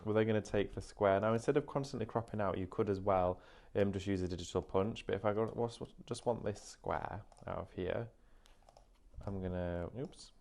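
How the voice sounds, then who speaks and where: Male craft presenter, lower register, friendly step-by-step explaining. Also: normal speed, creaky, darkish tone. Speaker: craft demonstrator. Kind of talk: live shopping craft demo.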